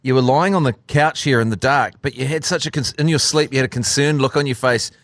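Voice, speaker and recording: A man's voice: medium pitch, quick pace, a bit bright, dry recording. A man with a New Zealand accent, a radio host teasing his co-host in casual banter. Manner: teasing, mock-scolding.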